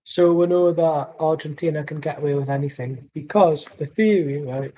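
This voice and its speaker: A man's voice: a little high, moderate pace, few pauses, dark tone, low-quality recording. A man streaming a football watchalong who rants angrily and sarcastically while reacting live to the match. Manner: angry, sweary, sarcastic. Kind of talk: live match commentary and rant.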